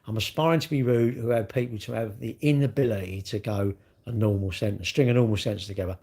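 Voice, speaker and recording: Fast-talking and dark in tone, a middle-aged livestream host reads comments and fires back bluntly and mockingly during casual chat. His voice sits lowish and sounds husky and gravelly.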